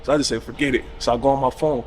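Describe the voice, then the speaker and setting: A man's voice: mid-range voice, rapid-fire, slight background noise. A man in his thirties, a podcast guest telling a casual story and acting out the people in it, cursing freely. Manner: animated retelling with quoted voices, casual cursing.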